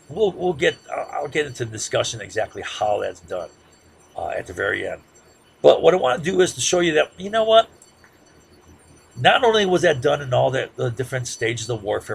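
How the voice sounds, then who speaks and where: Casting: male lecturer, very gravelly, mid-pitched, chatty and heated, faint hiss behind. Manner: conversational, peppers sentences with "right?"; gets loud and heated when making a point. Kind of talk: classroom lecture.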